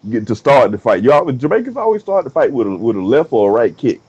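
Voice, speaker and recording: A man's voice: mid-range voice, very animated, fast talker, darkish tone, husky, highs cut off. A man co-hosting a comedy podcast, rambling through profane, joking stories. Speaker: podcast co-host. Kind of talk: casual comedic banter.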